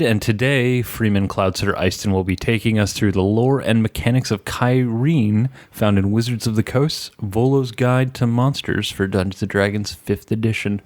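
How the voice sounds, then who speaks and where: Male podcast host, lower pitch, informal and excitable. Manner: enthusiastic and informal, swears. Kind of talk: casual podcast chat.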